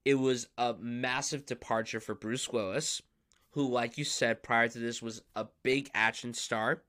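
A man's voice: mid-range voice, fairly even intonation, unhurried, sharp tone. A young man hosting a podcast, talking through films in an enthusiastic, emphatic, casual way. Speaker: podcast host. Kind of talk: casual film discussion.

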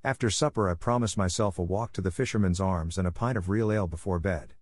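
A man narrating a story in measured, scripted reading with a dry, wry manner. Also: low-pitched, dry recording. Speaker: audiobook narrator.

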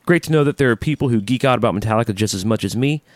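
A man's voice: medium pitch, very fast, no room sound. A man co-hosting a casual music podcast, enthusiastic and jokey, reading listener emails. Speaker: podcast co-host.

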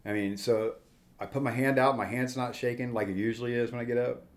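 A man's voice: medium pitch, fairly even intonation, a little fast. A man in his forties, a guest telling a personal testimony in a plainspoken, rambling way, with restarts and quoted dialogue.

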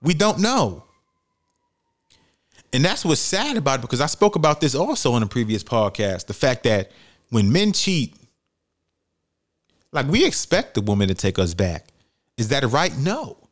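A man's voice: mid-range voice, very animated, moderate pace. Blunt, profane New podcast man. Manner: blunt, profane, heated commentary. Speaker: podcast host. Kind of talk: solo podcast monologue.

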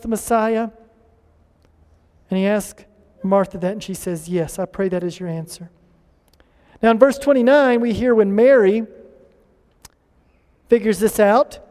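A pastor preaching a sermon earnestly, rising in emphasis and slowing down to stress key lines. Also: male voice, very high-pitched, warm tone, clear, resonant tone, big-room sound.

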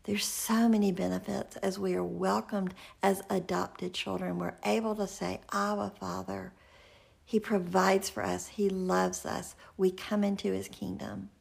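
Woman, gravelly and husky, earnest devotional teacher who drops to whispers. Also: mid-range voice, flat delivery, measured pace. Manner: earnest, slips into soft whispers. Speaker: Christian speaker.

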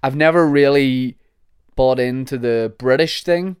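A man's voice: medium pitch, measured pace, clean tone, no room sound, studio quality. A young Northern Irish man hosting a podcast, chatting casually in a rambling, jokey way with many restarts. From Northern Ireland. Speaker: podcast host. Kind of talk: casual chat.

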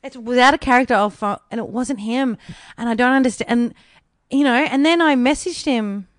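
A woman, co-hosting a podcast, telling a story in a lively way, acting out what others said and swearing freely. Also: fairly high pitch, brisk, dry recording, clean studio sound. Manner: animated storytelling, acts out quotes, swears freely. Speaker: podcast co-host. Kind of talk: casual chat.

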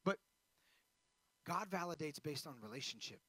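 High, bright-voiced male preacher. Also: expressive, moderate pace, no room sound. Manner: preaching with swings from loud emphasis to hushed intensity. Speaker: pastor. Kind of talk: sermon.

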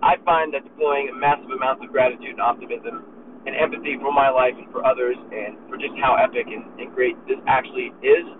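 A man hosting a podcast, talking in a casual, profane and fired-up motivational monologue while driving. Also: medium pitch. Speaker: podcast host. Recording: tinny phone-like recording with faint road noise.

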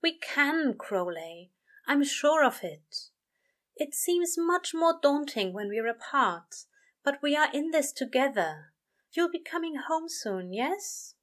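A woman's voice: big pitch swings, slow pace, fairly bright tone, exaggerated voice. A woman reading a story aloud and voicing a fussy, anxious male angel in a raised, flustered voice. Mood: reassuring. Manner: flustered, high and breathy, eager to reassure.

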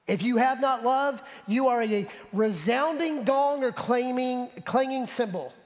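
Male pastor, high voice, animated sermon delivery, long hall reverb behind him. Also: unhurried. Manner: animated preaching, drops to soft asides; talks straight to the congregation. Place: church sanctuary.

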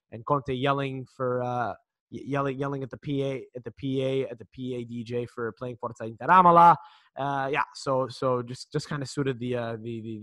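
A man co-hosting a casual sports podcast, his voice a touch high with a bright, sharp edge. He rambles through his points and keeps restarting sentences. He swears casually as he goes. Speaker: podcast co-host.

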